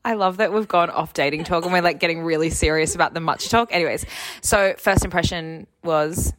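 A woman co-hosting a podcast, talking in a gossipy, animated way with quick asides. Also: lowish voice. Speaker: podcast co-host. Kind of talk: casual chat.

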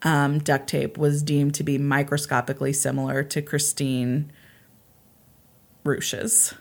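A woman's voice: measured pace, vocal fry. A woman telling a true crime case in casual chat, acting out quotes and swearing casually. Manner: animated, acts out quotes with raised pitch, swears casually.

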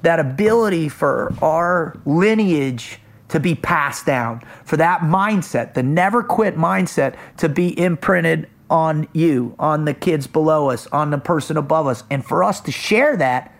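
A man's voice: a little high, animated. A man who runs a kids program, eagerly telling a story in casual conversation. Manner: eager, quick storytelling with frequent restarts.

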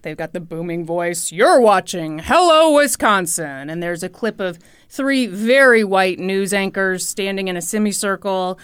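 A woman's voice: medium pitch, normal speed, a bit bright, smooth, dry recording, studio quality. A woman co-hosting a comedy chat show, telling a story in a playful, teasing way. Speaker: podcast co-host.

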